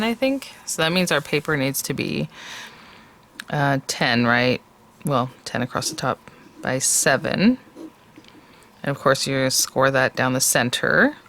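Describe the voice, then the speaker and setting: A woman's voice: deep voice, fairly bright tone, slight background noise. A woman hosting a casual papercraft tutorial, chatty and rambling, often laughing between thoughts. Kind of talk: casual craft tutorial chat.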